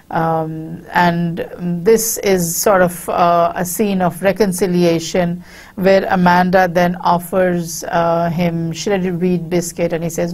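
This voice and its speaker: A woman with a Pakistani accent giving a university literature lecture, explaining with frequent pauses and hesitations. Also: lowish voice, level tone, darkish tone.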